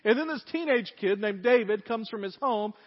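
A man's voice: sits high, lively intonation, moderate pace, long reverb tail, dull audio. A male pastor preaching a sermon to his congregation in a folksy, conversational way, with asides to the listeners. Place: church sanctuary.

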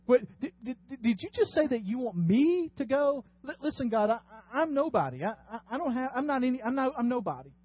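A man's voice: extremely high pitch, very animated, brisk, few pauses, slightly rough, lo-fi sound, voice pushed up, full character voice. A man voicing a flustered Moses who stammers and pleads with God to send someone else. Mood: panicky pleading. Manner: stammering, protesting, panicky.

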